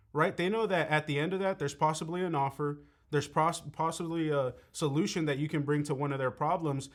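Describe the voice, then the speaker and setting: Young man coaching, slightly high voice. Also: a little fast. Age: young adult. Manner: conversational, often checks in with "right?". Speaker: sales trainer. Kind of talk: coaching talk.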